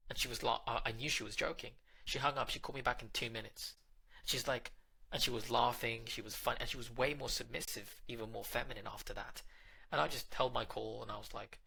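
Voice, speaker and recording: A man's voice: mid-range voice, fairly even intonation, a little fast, gravelly, sharp tone, husky. A man hosting a dating advice channel, talking straight to the listener in a direct, coaching monologue and now and then acting out little scenes.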